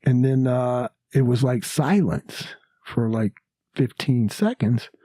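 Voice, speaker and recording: A comedian appearing as a podcast guest tells a story in a slow, warm, husky voice of medium pitch. He's casual and anecdotal, using plenty of fillers and acting out the quotes. The podcast studio recording has no echo.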